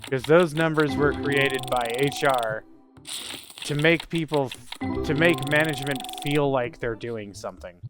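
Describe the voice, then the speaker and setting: A man's voice: mid-range voice, a little slow, music in the background. A man hosting a casual let's play, ranting sarcastically with lots of swearing. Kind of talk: casual gameplay commentary with ranting stories.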